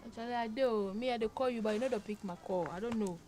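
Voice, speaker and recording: A woman plays an eager, lovesick young girlfriend with a Ghanaian Pidgin English accent. Her voice sits high, and she pleads and repeats herself. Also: fast, mellow, close to an everyday voice. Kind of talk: comedy drama acting.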